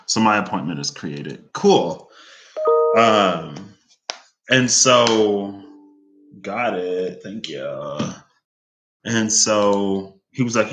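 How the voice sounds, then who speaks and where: A man rambles casually to his viewers, wandering from thought to thought with plenty of fillers. His voice is fairly low but bright and forward. He slips into higher tones when acting out what others said. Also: slight background noise. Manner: chatty, meandering, quotes others in raised voice. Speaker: vlogger.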